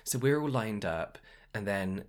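A man's voice: on the low side, animated, normal speed. A man telling rambling workplace anecdotes in casual chat. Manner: rambling anecdotal storytelling, many fillers.

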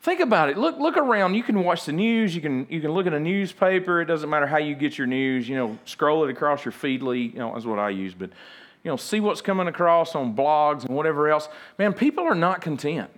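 A man's voice: on the high side, lively intonation, fairly quick, fairly bright tone. A man pastor preaching a folksy, humorous sermon and acting out little everyday scenes.

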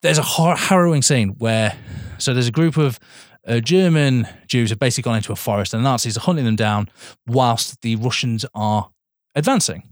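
A man's voice: mid-range voice, brisk, hardly any pauses, no echo, studio quality. A man co-hosting a podcast, chatting casually and rambling through opinions with frequent laughs. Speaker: podcast co-host. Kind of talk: casual chat.

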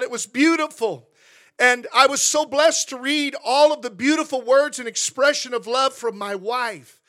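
A man's voice: extremely high pitch, bright, forceful tone. A middle-aged man preaching a sermon in church as pastor, emotional and fervent, often repeating phrases. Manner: emotional, preaching with rising fervor and repetition.

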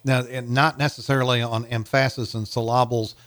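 A man in his sixties from Missouri, co-hosting a casual podcast, talking in a rambling, halting way with frequent chuckles. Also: medium pitch, level tone, a bit bright, dry recording, clean studio sound. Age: 60s. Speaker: podcast co-host. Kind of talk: casual chat.

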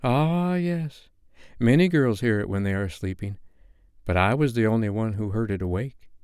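A man voicing Wendy, a gentle, wistful grown-up mother, in a storybook reading. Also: fairly low pitch, expressive, normal speed, clean tone, no room sound, clean studio sound, close to an everyday voice. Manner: soft and tender.

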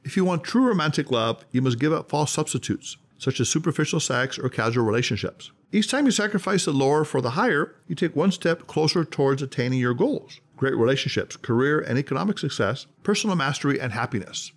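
Reading a script for his self-help podcast, this male host sounds expressive in a mid-range voice. He speaks emphatically and in a measured way, easing off the pace on important words.

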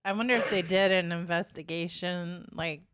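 A woman's voice: on the low side, steady tone, moderate pace, a bit bright, smooth. Curious woman co-hosting a podcast. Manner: curious, asks questions, teases. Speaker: podcast co-host. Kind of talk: casual podcast chat.

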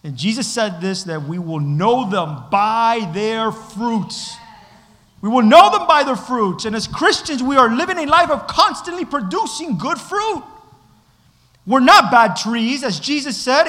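A young man delivering a sermon in a high, bright voice. His storytelling swings from quiet asides to loud outbursts. The sound carries a long hall reverb. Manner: animated storytelling, shifts from hushed to shouting. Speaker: pastor.

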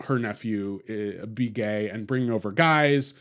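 A man's voice: fairly low pitch, normal speed, a bit bright. A man hosting a casual film discussion podcast, rambling with fillers and restarts and laughing often. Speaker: podcast host.

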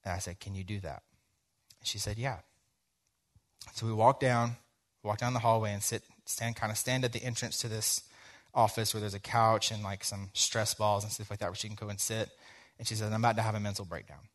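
A young man delivers a sermon in a relaxed, conversational way, slipping into a personal story and acting out both sides of the dialogue. His voice sits a little on the low side. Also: a little fast. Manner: conversational, tells a story with quoted dialogue, frequent "like". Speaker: teacher giving a sermon.

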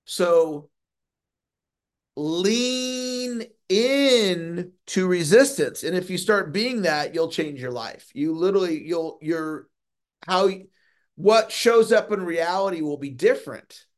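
A middle-aged man coaching on a motivational call, earnest, often slowing down to stress key words and repeating phrases. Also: on the high side, expressive. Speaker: sales coach.

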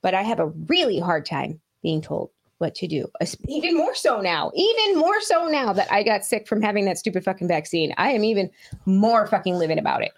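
A woman's voice: medium pitch, big pitch swings, fairly quick. A middle-aged woman from New York, a co-host in casual chat, blunt and heated, swearing freely as she rants.

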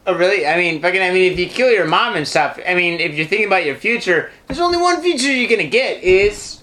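A man with a high, very animated voice co-hosts a podcast in casual chat. He is excitable and swears freely, and his pitch swings widely as he talks. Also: quick pace. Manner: profane, excitable, laughing along. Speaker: podcast co-host.

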